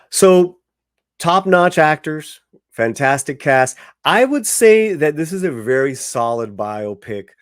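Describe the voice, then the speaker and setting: A man's voice: medium pitch, no room sound, clean studio sound. A man giving a casual spoken film review, conversational, with many fillers and restarts. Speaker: movie reviewer.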